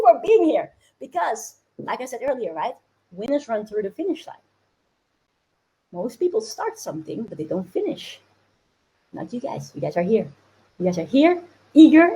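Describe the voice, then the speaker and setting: A woman's voice: on the high side, darkish tone, low-quality recording. A woman hosting a live online challenge, giving a bubbly, upbeat motivational talk, often laughing and urging viewers to comment. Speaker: host of an online business challenge.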